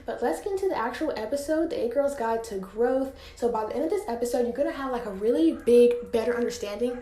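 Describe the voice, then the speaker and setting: Chatting solo on her podcast from home, a teen girl talks fast with lively intonation and lots of filler words. Her warm voice is a little high, she's slightly out of breath, and the indoor room is echoey.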